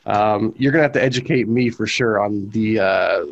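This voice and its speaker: A man's voice: fairly low pitch, moderate pace, dull audio. A man hosting a wrestling podcast, chatting casually and laughing easily. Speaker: podcast host.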